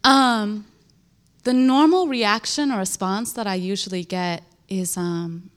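A young woman giving an emotional, animated church testimony, telling a story with laughter and emphatic repetition. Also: mid-range voice, takes it slowly, clear, resonant tone. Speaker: speaker sharing a testimony.

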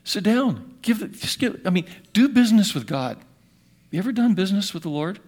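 Older guy in his sixties preaching, earnest, goes loud then quiet, kinda high voice. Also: sing-song, a little fast. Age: 60s. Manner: earnest, swings from loud emphasis to hushed. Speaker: pastor. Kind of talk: sermon.

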